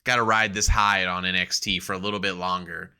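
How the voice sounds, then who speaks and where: Sharp-voiced excitable podcast host man. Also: deep voice, a little fast, smooth. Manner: excitable, profane, acts out quotes. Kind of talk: casual wrestling podcast chat.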